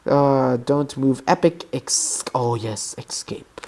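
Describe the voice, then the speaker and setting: A man giving excitable gaming commentary, swearing freely and breaking into yelps and screams. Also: medium pitch, slow, few pauses. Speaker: let's play gamer.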